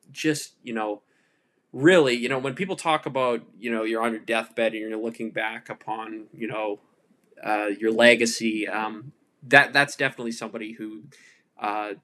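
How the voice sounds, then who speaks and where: A man's voice: mid-range voice, a bit bright. A man hosting a solo podcast, talking casually in an irreverent, profane, rambling way full of fillers. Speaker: podcast host.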